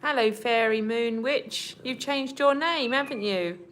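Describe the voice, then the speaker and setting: A woman's voice: a little high, measured pace, slight background noise. A woman hosting a casual livestream from home, chatting with viewers and talking to her cats. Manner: chatty, talks to her cats in a soft baby voice. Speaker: livestream host.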